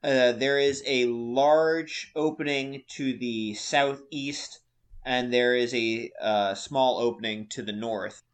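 A man's voice: mid-range voice, slow pace. A man narrating as game master of a tabletop game, hesitant and full of fillers, with a joking streak.

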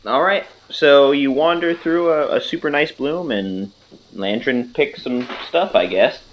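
A man narrating a tabletop game as game master, relaxed and joking, with hesitant fillers. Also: a little slow, a little hiss or hum. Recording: muffled low-fidelity audio.

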